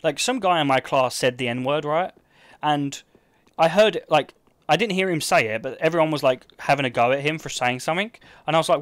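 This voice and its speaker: A man's voice: fairly high pitch, lively intonation, brisk, a bit bright. A young man chatting offhand to his stream while gaming, rambling and swearing, full of "like.". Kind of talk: casual livestream chat while gaming.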